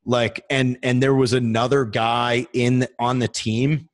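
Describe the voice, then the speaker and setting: A man's voice: mid-range voice, flat delivery, a little slow. A man in his thirties, a military veteran guest, telling a story in casual chat. He swears freely and fills his talk with "like". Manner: profane, heavy use of "like" fillers.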